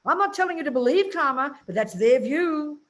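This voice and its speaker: A woman's voice: sits high, lively intonation, fairly quick. Blunt, emphatic woman Buddhist teacher.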